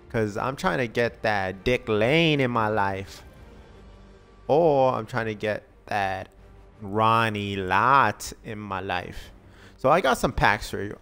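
A man casually commenting on a video game pack opening, excitable and begging the game for good pulls. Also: medium pitch, vocal fry. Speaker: gaming channel host.

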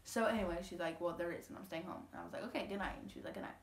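This Louisiana teen vlogger races through a casual story for her camera mic in a roomy, echoey room at home. Her voice is lowish, and she's chatty and rambling, packed with fillers and quoted dialogue.

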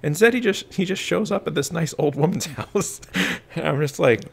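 A man's voice: a little high, animated, moderate pace, vocal fry, husky. A man co-hosting a podcast, discussing a film casually, laughing often and rambling with fillers. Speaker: podcast co-host.

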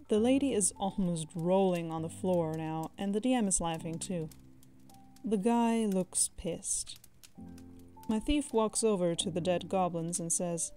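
A woman reading a tabletop game story aloud, in a measured way with dramatic emphasis. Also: on the low side, dark tone, soft background music. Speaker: story narrator.

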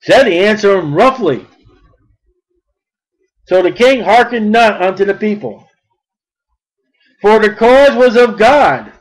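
A man preaching a sermon, blunt and folksy, mocking at times and rising to shouts. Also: high-pitched, lively intonation, slow, pauses often, low-quality recording.

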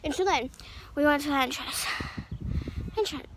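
Teen girl vlogger, high-pitched, chatty and rambling, noticeable background noise. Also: normal speed. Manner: rambling, many "like" fillers. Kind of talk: casual storytime.

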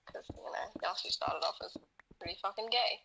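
A woman's voice: medium pitch, normal speed, creaky, pushed and bright, in a whisper, poor audio. A woman co-hosting a casual podcast, telling her story series in a rambling, sweary way with lots of laughing. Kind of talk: casual chat while gaming.

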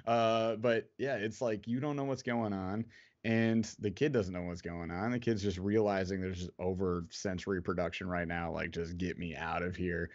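A man's voice: deep voice, steady tone, normal speed, a little mellow. Rambling man on a lo-fi livestream. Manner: rambling, filler-heavy, laughs often. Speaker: podcast host. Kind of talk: casual livestream chat. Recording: dull lo-fi stream audio.

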